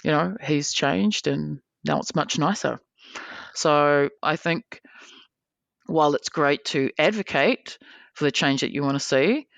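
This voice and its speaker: A woman tells a long story as a podcast guest, with a gravelly, fry-edged voice. She talks casually and acts out the people she quotes in lively bursts. The sound is dry and close, with no room echo. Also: sits low. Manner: animated, swearing freely, acting out quoted people.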